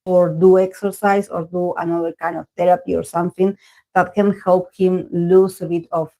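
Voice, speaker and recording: A woman's voice: lowish voice, flat delivery, normal speed, vocal fry, mellow, rough recording. A woman who is a native Spanish speaker, reading tarot on a live stream in casual, rambling talk full of fillers and restarts. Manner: rambling, many fillers and self-corrections. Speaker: tarot reader.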